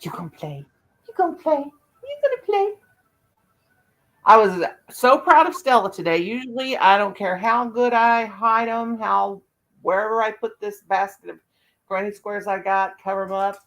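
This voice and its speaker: A woman's voice: medium pitch, normal speed, fairly bright tone, poor audio. An older woman chatting casually as a host, laughing often and cooing baby talk to her dogs. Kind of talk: casual chat.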